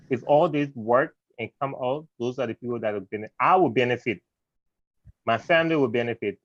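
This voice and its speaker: A man's voice: medium pitch, no echo. A plainspoken man from Liberia answers an interview question with a persuasive edge. His audio is dull and very dry, with no room sound. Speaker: guest.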